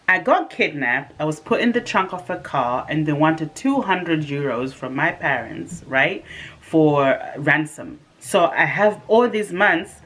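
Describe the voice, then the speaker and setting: A woman voicing a smooth-talking French ex-boyfriend with a French accent, earnestly telling a tall tale. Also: deep voice.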